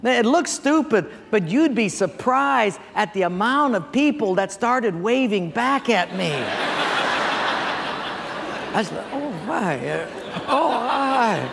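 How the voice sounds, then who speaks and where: A pastor preaching a sermon, telling stories with animation and asking the congregation questions. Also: male voice, high voice, slow pace, gravelly, a little hiss or hum. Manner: animated storytelling, audience questions. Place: church sanctuary. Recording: long church reverb.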